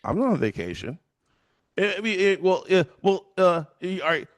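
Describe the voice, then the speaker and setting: A man's voice: sits high, big pitch swings, normal speed, pitched above the performer's own voice. A man voicing a group of former trading clients who hesitate and plead for help.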